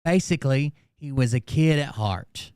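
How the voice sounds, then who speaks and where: A man hosting a commentary show, making sarcastic, crude, deadpan jokes about a clip. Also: mid-range voice, moderate pace, smooth, dry recording, clean studio sound. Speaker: commentary host. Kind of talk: mocking commentary.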